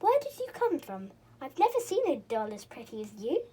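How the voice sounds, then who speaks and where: A woman voicing a grumpy old male pixie spell maker who booms loudly. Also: wildly swooping pitch, normal speed. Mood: delighted. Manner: loud, booming.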